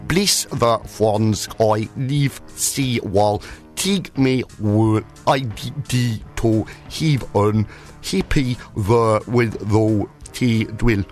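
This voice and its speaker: A man putting on a halting mock Kiwi reader. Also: fairly low pitch, soft background music. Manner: slow, stumbling, mangled words.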